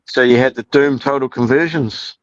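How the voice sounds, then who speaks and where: A man, a guest on a livestream, speaking in a measured, hesitant way. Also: mid-range voice, steady tone, no echo, dull audio. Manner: measured, hesitant, thinks aloud. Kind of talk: casual chat.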